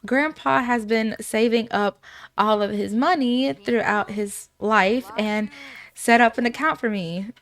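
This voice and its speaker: A woman voicing an excited young female game character who has just come into money. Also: a little high, a little slow, no echo. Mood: earnest.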